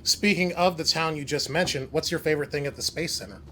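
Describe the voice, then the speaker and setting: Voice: mid-range voice, quick pace, fairly bright tone, a little hiss or hum. An interviewer asking casual, playful questions in an upbeat, teasing way.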